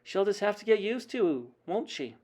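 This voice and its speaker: A composed old grandmother speaks in a low-key, dry tone, every word settled and sure, as a male reader puts her on. She sounds quietly in command. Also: big pitch swings, moderate pace. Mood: calm.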